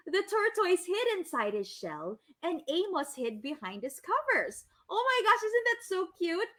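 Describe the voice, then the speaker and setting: A Filipino woman reading a story aloud live for children, animated and gushing, often asking the kids questions. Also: extremely high pitch, unhurried, few pauses. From Philippines.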